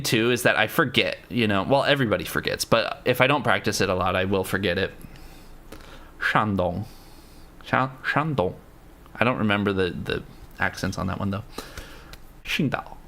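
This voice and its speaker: A man's voice: fairly low pitch, pushed and bright. A man hosting a casual livestream. He talks with viewers in a rambling, profane way, full of fillers and restarts, and playfully tries out foreign words. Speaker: livestream host.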